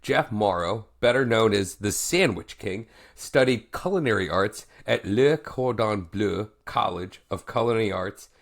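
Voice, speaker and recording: Man, podcast co-host, low-ish voice, lively pitch, playful, reads intro. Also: creaky. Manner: playful, quick to joke. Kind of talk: casual chat and reading a guest intro.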